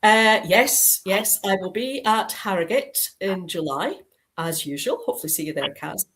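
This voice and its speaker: Expressive and a bit bright, a middle-aged woman from Dundee, Scotland, speaks at normal speed as a crime-author guest on a casual video call. There's slight background noise on the low-quality recording, and she rambles with many ums and restarts.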